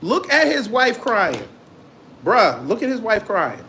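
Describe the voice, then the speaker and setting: A man with a high-pitched voice riffs through a casual commentary show, teasing and mocking, laughing at his own jokes. A faint hiss of background noise sits under his voice. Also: huge pitch swings, takes it slowly, sharp tone. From immigrant to the United States. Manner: joking, mocking, laughs often.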